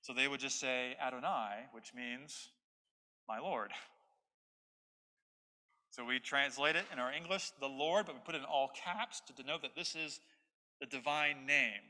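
Bright-voiced male pastor preaching in a hall. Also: mid-range voice, unhurried, long pauses. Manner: expository preaching, emphatic repetition. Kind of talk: sermon. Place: church sanctuary. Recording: long hall reverb.

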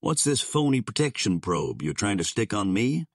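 A man's voice: fairly low pitch, big pitch swings, normal speed, dry recording, clean studio sound, voice pushed up. A man voicing a greedy, nervous male diamond magnate who blusters when cornered. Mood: blustering.

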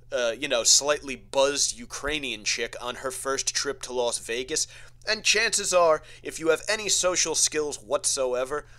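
A man's voice: medium pitch, bright, forceful tone. Profane, mocking male podcast host. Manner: profane, mocking, rambling with fillers. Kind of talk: comedic storytelling rant.

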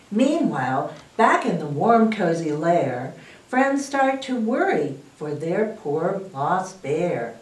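A woman librarian reading a picture book aloud at storytime, expressive and inviting the children to join in. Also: on the low side, takes it slowly. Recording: roomy, distant mic.

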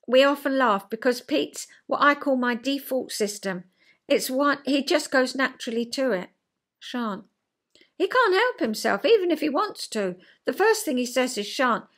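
Woman host, fairly high voice, casual chat, mimics voices with big pitch leaps. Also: fairly bright tone. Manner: acts out quoted voices with big pitch jumps; chatty, checks in with listener. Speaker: podcast host. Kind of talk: casual chat explaining psychology.

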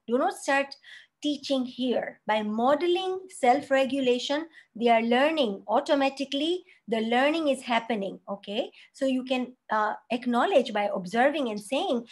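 A woman's voice: high-pitched, animated, moderate pace. A woman teaching a parenting class, explaining step by step and acting out example phrases, often checking in with "right?" and "okay?". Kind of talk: spoken parenting lesson.

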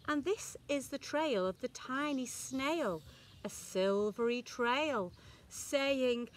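Reading a rhyming picture book to little children, this infant school teacher has a voice that sits high. She keeps it slow, sing-song, and expressive, playing up the rhymes.

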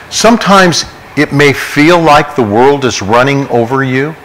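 A middle-aged man teaches scripture from the pulpit, earnest and conversational as he moves between verses and stories from his own life. His voice sits at an ordinary mid pitch, and a faint hiss of background noise runs under the church recording. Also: a bit bright, poor audio. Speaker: pastor. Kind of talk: Bible study teaching.

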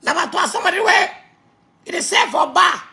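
A woman with a Ghanaian accent delivering a comedic rant, shouting and laughing as she goes. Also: very high-pitched, lively intonation, normal speed. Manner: ranting, shouting, laughing between lines. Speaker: comedic content creator.

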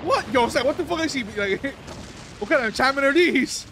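A man reacting live to an anime episode, excitable and cursing, yelling at the screen and laughing often. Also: very high-pitched, normal speed.

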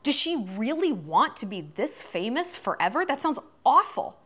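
Woman host, 30s, casual profane commentary, bright and animated delivery. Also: high-pitched, moderate pace. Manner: chatty, profane, animated, lots of fillers.

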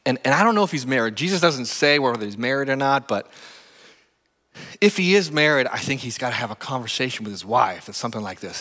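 A pastor delivering a storytelling sermon, his voice bright and lively, swinging widely in pitch. He keeps asking the crowd "right?" as the sound rings through a church hall with long reverb. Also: fast. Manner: animated, acts out stories, talks to the crowd with "right?". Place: church sanctuary.

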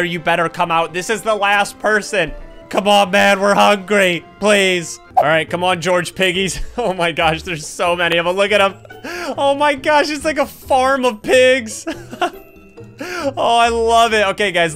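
A young gaming YouTuber with a notably high voice narrates his gameplay with excited energy. He laughs a lot and keeps calling out to his teammates as he plays.

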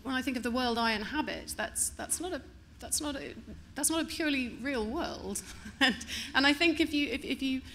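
A woman's voice: high-pitched, lively intonation, normal speed, hardly any pauses, pushed and bright, a little hiss or hum. A woman poet answering a panel question off the cuff, hesitant and searching for words, with frequent restarts. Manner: hesitant, many restarts and fillers.

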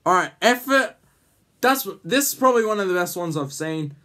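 A man's voice: sits high, lively intonation, moderate pace, bright, forceful tone. A man hosting a casual vlog, rambling with lots of ums and jokey teasing. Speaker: YouTube host.

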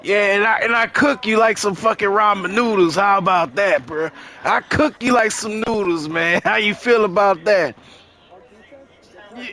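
Man doing Chicken George, a cocky high-voiced trash talker. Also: moderate pace, bright, forceful tone, soft background music. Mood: taunting. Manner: boastful, taunting, profane trash talk. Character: cocky trash-talking older-sounding streetballer man. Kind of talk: in-game voice chat trash talk.

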